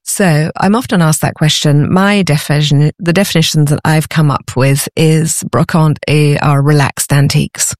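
A woman's voice: low-pitched, steady tone, normal speed, few pauses, darkish tone, no room sound, studio quality. A woman, a podcast guest, talking about her antiques business in an enthusiastic, conversational way and often restarting her phrases. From Britain. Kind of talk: conversational interview.

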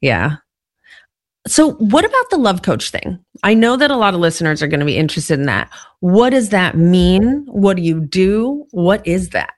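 A woman's voice: lowish voice, very animated, moderate pace, dry recording, clean studio sound. A woman hosting a podcast interview, asking curious, conversational questions. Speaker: podcast host.

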